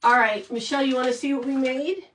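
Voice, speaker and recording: A woman's voice: high voice, fairly even intonation, quick pace, echoey room, far from the mic, a little hiss or hum, low-quality recording. A woman hosting a casual craft livestream, chatting and thanking viewers in an emotional, rambling way with many restarts.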